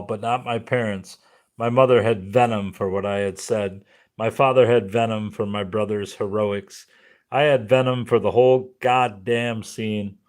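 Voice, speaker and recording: A man narrating a memoir audiobook in a somber, measured way. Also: fairly low pitch.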